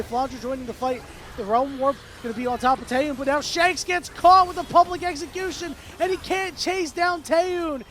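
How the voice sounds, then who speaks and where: A man doing play-by-play commentary as an esports caster, with fast, excitable calls that swing to shouting. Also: very high voice, slight background noise.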